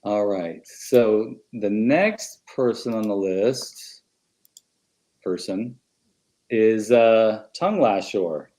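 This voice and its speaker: A man's voice: fairly low pitch, extremely slow. A man co-hosting a casual podcast chat, reading out viewer comments and trading ideas. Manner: animated, reads out chat comments. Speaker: podcast co-host.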